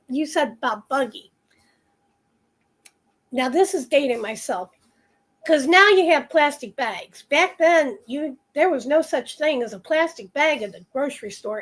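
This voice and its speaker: A woman's voice: sits high, lively intonation, measured pace, fairly bright tone. An older woman from Rochester, New York, with a Western New York accent, telling stories in casual chat and laughing often. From Rochester, New York, USA.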